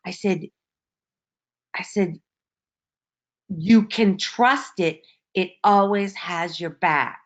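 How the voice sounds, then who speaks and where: A woman's voice: fairly low pitch, extremely slow, long pauses. A woman casually retelling a personal story, emotional and full of restarts, on an online call. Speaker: participant sharing a story.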